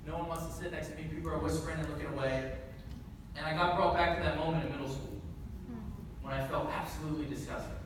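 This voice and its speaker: A man in his twenties giving a motivational speech to a live audience, telling a story with jokes and energy. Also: a little high. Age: 20s. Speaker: motivational speaker. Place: large hall with live audience. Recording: echoey hall, mic from far off. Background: audience murmur and noise.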